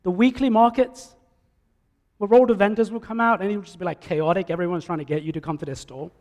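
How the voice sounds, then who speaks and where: A male preacher with a high voice delivers a sermon, swinging between loud calls and quiet asides. His voice carries with a long echo through the church. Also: quick pace. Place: church sanctuary. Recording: echoey church hall.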